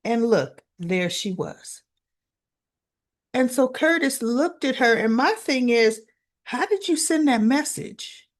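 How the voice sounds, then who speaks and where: A woman recaps soap opera episodes in an easygoing chat with an unhurried, drawn-out delivery. Her voice sits a little high, and she slips into the characters' lines as she retells each scene. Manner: animated retelling, acting out quoted lines.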